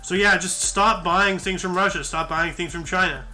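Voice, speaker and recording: A tired man hosts a casual news commentary show, reading articles aloud and rambling between them with fillers and self-corrections. His voice sits high for a man and sounds strikingly bright and sharp. Music plays faintly underneath. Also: moderate pace.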